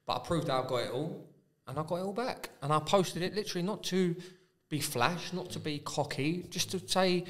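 A man's voice: a little high, brisk, a bit bright. A man from South London with a Cockney accent, a guest in a casual interview, talking bluntly and defiantly and swearing freely. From South London, England. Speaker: interview guest, MMA fighter.

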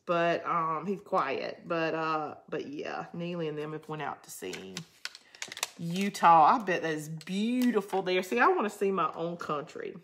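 A woman's voice: lowish voice, measured pace, fairly bright tone, slight background noise. Chatty Southern-drawl woman crafting live. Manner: rambling, chatty, answers viewer comments. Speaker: craft channel host. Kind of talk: casual live crafting chat.

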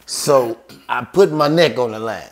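A man's voice: medium pitch, measured pace. A man telling a story in casual podcast chat, acting out quoted voices and swearing freely.

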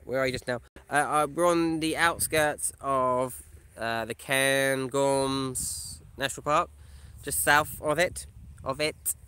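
A man's voice: mid-range voice, fairly even intonation, slow, sharp tone, clean tone. A man vlogging live from his camper van, chatting casually and reading out viewers' comments. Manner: casual, chatty, reads comments aloud and answers them. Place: in a camper van or parked outdoors.

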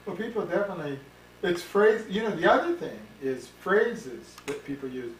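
A man's voice: high voice, expressive, moderate pace. Rambling man on an echoey, distant tape. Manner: rambling, reminiscing, self-correcting. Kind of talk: casual family conversation. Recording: echoey room, distant mic, faint hiss.

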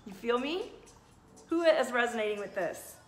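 A woman's voice: fairly high pitch, expressive, moderate pace, soft background music. A woman hosting a livestream as a spiritual coach, talking earnestly and answering viewers' comments.

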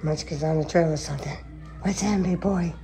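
Woman, pet owner, affectionate cooing baby talk, lowish voice, some soft whispers. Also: fairly quick, creaky, soft background music. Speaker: cat owner filming her pets. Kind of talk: casual baby talk to cats. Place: home, indoors.

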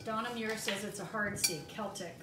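A woman's voice: a little high, fairly quick, very noisy. Woman coaching from across echoey kitchen. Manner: coaching, chatty. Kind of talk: casual cooking demonstration. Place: home kitchen. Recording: distant, echoey kitchen with dish clatter.

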